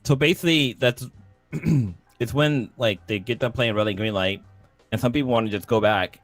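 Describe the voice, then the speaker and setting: A man's voice: medium pitch, moderate pace, soft background music. A man co-hosting a casual livestream chat, talking in a loose way and laughing easily. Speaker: podcast co-host.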